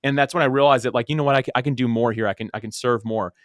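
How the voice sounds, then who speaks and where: A man's voice: mid-range voice, fairly even intonation, no echo, clean studio sound. A man in his thirties, a podcast guest, telling his story casually with lots of "like" and repeated words. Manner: rapid, full of "like" and repeated words.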